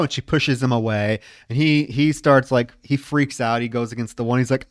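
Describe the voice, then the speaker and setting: A man's voice: normal speed, few pauses, no echo, clean studio sound. A man co-hosting a podcast, recapping a film scene by scene and swearing freely. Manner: acts out scenes in high screaming voices, swears freely. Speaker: podcast co-host. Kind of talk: casual film discussion.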